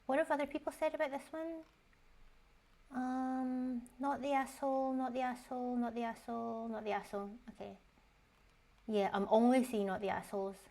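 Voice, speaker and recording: A woman's voice: high-pitched, level tone, normal speed, warm tone. Frank, chatty woman reacting casually. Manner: frank and chatty, swears freely, rhetorical questions. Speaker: YouTuber reacting to online posts.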